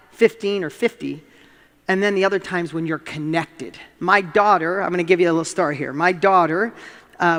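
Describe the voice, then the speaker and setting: A middle-aged man with a fairly high voice gives a motivational talk from a stage. His words carry a long reverb through the large hall. He tells stories with animation and acts out his own lines. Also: a bit bright. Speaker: motivational speaker.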